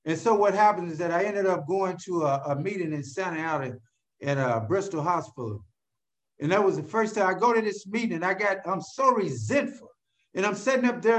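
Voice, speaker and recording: A man with a high voice for a man tells his story to a live audience. He is lively and keeps turning to the crowd with questions like "you know what?", and he calls out to people by name. His storytelling is direct and conversational. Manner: animated storyteller who keeps asking the crowd rhetorical questions; addresses listeners directly by name. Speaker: speaker sharing his recovery story.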